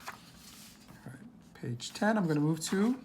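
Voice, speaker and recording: A woman teacher reading a worksheet aloud to young children, patient and slow, asking questions and answering them herself. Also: deep voice, expressive, a little mellow, a little hiss or hum.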